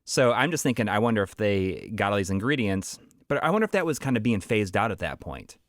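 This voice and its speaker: A man's voice: lowish voice, big pitch swings, quick pace, dry recording, clean studio sound. A man co-hosting a podcast in casual chat, rambling with restarts and laughing easily. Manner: rambling, many restarts and fillers. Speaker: podcast co-host.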